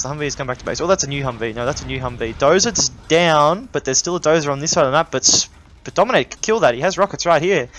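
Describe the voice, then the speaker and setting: A man talks through a strategy game replay as its caster, in loose, casual commentary. His voice sits in an ordinary middle pitch, and he thinks out loud as he goes, jumping into sudden excited exclamations when the action turns. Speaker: gaming YouTuber casting a replay.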